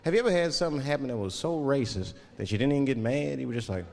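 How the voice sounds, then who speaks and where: A man's voice: mid-range voice, animated, rapid-fire, vocal fry, a little mellow. A man doing a stand-up comedy set with loose, profane storytelling and act-outs. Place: stage before a live audience. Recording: live club hall with laughing crowd.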